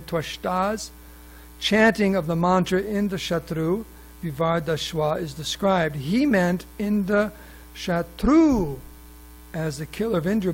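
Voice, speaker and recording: Poor audio captures a man with a voice on the high side speaking in a temple hall as the class speaker. Reading scripture aloud, he adds asides and poses questions to the audience, often restarting sentences and using fillers.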